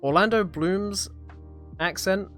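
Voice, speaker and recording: A man's voice: high-pitched, takes it slowly, fairly bright tone, faint music behind. Rambling young British man, casual review. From Britain. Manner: rambling, hesitant, many fillers and laughs. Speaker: podcast host reviewing a series. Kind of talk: casual live-stream review chat.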